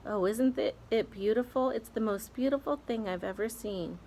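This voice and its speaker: A woman reading aloud, voicing a small boy who murmurs quietly in wonder. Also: a little high, moderate pace, slight background noise, lightly acted. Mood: awed.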